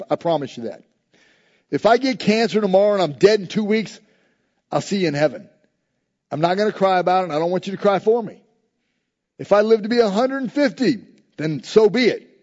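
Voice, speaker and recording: A man preaching a sermon as pastor, impassioned, rising loud and high when he acts out prayers. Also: lo-fi sound.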